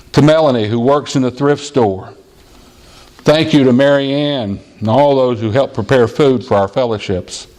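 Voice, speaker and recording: A man of middling pitch preaches to his congregation. He tells stories in an earnest, steady way and sometimes jumps to a high child's voice when quoting a little boy. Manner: storytelling, plain earnest preaching. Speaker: pastor. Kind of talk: sermon. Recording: audio-only church sermon recording.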